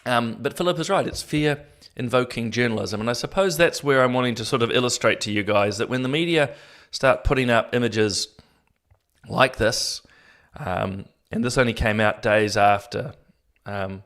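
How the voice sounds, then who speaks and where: A man's voice: medium pitch, normal speed, fairly bright tone. A man hosting a casual solo commentary show, talking to viewers in a rambling, self-deprecating way with many fillers and restarts.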